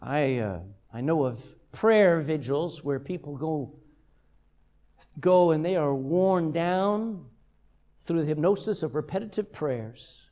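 Older man, pastor, high-pitched, humorous sermon delivery. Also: takes it slowly. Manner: humorous, lively storytelling.

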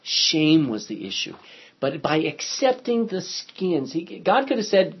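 A man teaches a Bible study class, reading verses aloud and questioning his group. His voice is husky and sits a little high. The recording sounds dull and lo-fi. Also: sing-song, measured pace. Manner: reads scripture aloud, asks the class questions.

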